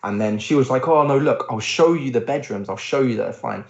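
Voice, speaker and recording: A young man co-hosting a podcast in casual chat, animated when telling stories and acting out what others said, swearing freely. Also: medium pitch, fairly quick, creaky. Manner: animated storytelling, acts out quotes, swears. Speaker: podcast co-host. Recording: roomy, dull lo-fi sound.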